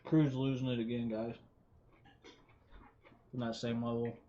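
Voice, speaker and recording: A man's voice: medium pitch, little pitch movement, unhurried, mellow. A middle-aged man hosting a live trading stream in casual chat, talking offhandedly with plenty of swearing and mumbling asides. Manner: profane, offhand, mumbles under his breath. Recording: slightly dull audio with faint hiss.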